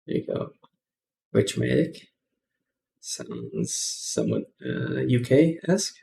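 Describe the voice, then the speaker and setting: A man's voice: mid-range voice, slow pace, creaky, dark tone, a little hiss or hum. A man hosting a casual coding tutorial, rambling with many ums and self-corrections.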